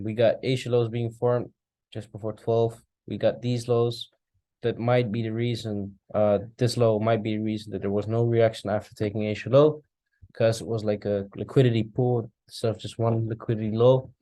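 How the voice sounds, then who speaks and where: A forex trader thinks aloud through a casual screen-share recap of his charts, yawning now and then at his desk mic. His lowish voice is flat and dark, at normal speed, with no echo.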